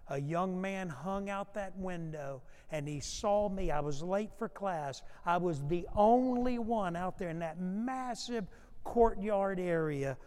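High-voiced preacher in an echoing sanctuary. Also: male voice, darkish tone. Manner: storytelling preacher who swells in volume when acting out quotes. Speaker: pastor. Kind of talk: sermon. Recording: long hall reverb.

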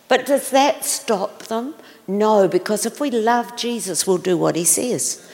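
A woman preaching in a church hall, telling stories with exclamations and direct questions to her listeners. Her mid-pitched voice has a gravelly edge. A long reverb trails each phrase. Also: measured pace. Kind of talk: sermon storytelling.

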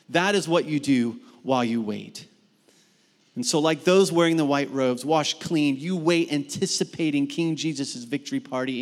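A man preaching a sermon as pastor, animated and emphatic, dropping into casual asides while telling stories. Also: mid-range voice, in a large hall. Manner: animated, rising to emphatic peaks. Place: church sanctuary.

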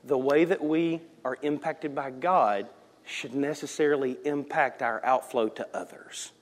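A man's voice: medium pitch, measured pace, big-room sound. A man in his forties from the South, preaching a sermon and telling a family story with laughter and acted-out voices. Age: 40s. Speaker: pastor. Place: church sanctuary.

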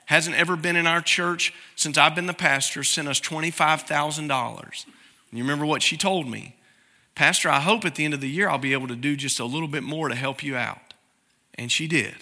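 A man speaking as a pastor to his congregation, earnest and grateful, sometimes growing soft and emotional as he shares news from the pulpit. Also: on the high side. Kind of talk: church announcement from the pulpit. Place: church sanctuary.

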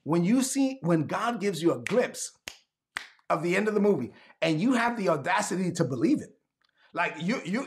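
A man preaching a sermon, emphatic and repetitive, calling for responses and building to shouts. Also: high-pitched, big pitch swings, moderate pace. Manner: calls for audience response.

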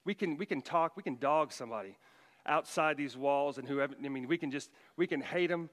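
A middle-aged man preaching a sermon as pastor, emphatic, his voice rising loud for quoted commands. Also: fairly high pitch, fairly quick, long reverb tail.

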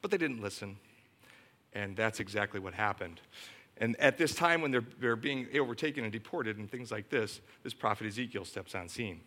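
A man's voice: on the low side, animated, normal speed, bright, forceful tone. A middle-aged man preaching a sermon as a pastor, emphatic and storytelling.

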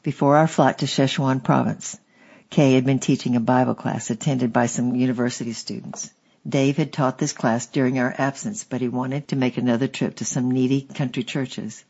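A man reading a memoir aloud as an audiobook narrator, steady and measured. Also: mid-range voice, vocal fry, muffled recording.

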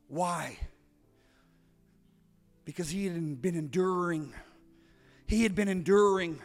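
A man's voice: high voice, slow, soft background music. A man preaching a sermon, building up with repeated phrases and rhetorical questions. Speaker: pastor.

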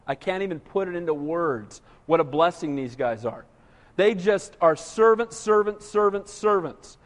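A pastor with a notably high voice delivers a sermon in a chatty, joking way, firing rhetorical questions at his congregation. His voice rings out with a long reverb, as though in a large church sanctuary. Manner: conversational preaching with rhetorical questions and humor.

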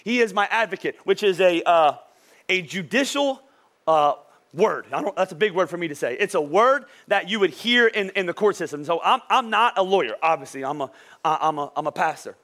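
High-voiced guy pastor preaching, super chatty and jokey, says "right?" a lot. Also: expressive, a little fast, fairly bright tone. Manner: conversational and joking, keeps asking "right?". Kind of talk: sermon.

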